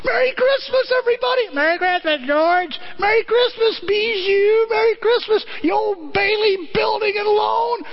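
A man acting out a desperate, then overjoyed small-town husband in a sermon retelling, shouting in a high voice. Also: fairly even intonation, normal speed, few pauses. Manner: high-pitched, shouted, fervent. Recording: dull lo-fi sermon recording.

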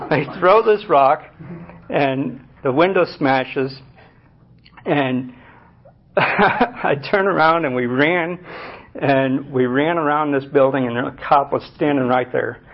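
Halting man telling his life story. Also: medium pitch. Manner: halting, many fillers and restarts. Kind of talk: personal testimony to a group. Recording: muffled lo-fi recording.

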